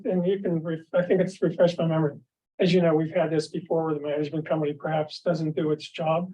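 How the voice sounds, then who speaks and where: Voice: medium pitch, level tone, fast talker, warm tone, far from the mic, dull audio. A board member asking direct questions at a city meeting. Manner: plainspoken, asks direct questions. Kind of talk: public meeting discussion.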